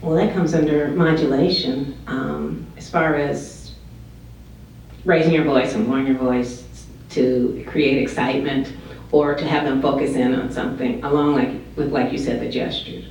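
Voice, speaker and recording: A woman's voice: extremely low pitch, fairly even intonation, normal speed, a little mellow, slight background noise. A woman trainee answering the trainer's questions thoughtfully, with some hesitation. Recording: echoey room from far off.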